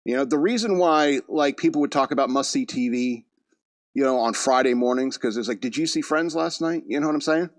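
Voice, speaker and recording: A man's voice: mid-range voice, brisk, no room sound. A man hosting a podcast, telling a rambling casual story from his day and laughing at his own jokes. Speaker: podcast host. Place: studio.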